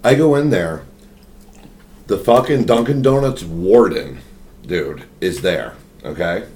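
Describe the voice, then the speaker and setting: A man's voice: low voice, animated, slow pace, a little mellow, a little hiss or hum. Profane rambling male podcast storyteller. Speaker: podcast host. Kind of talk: casual storytelling chat.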